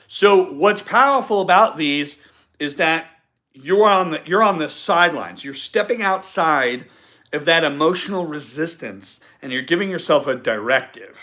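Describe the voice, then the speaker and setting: Bright-voiced man giving a motivational talk. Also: on the high side, animated, moderate pace. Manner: emphatic, repeats key points, acts out example phrases. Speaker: podcast host. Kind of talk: live-stream motivational talk.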